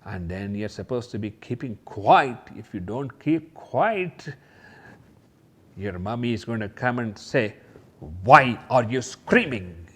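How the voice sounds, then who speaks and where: A man teaching a kindergarten lesson, talking gently and directly to young children and exclaiming over each picture. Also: on the low side, animated, unhurried.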